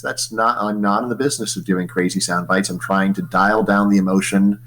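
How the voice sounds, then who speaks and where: Middle-aged american econ prof rambling away in an interview, lots of "like, you know", faint hum behind. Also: male voice, lowish voice, brisk, rough recording. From United States. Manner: animated and rambling, with many fillers and restarts. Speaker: economics professor. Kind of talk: casual interview conversation.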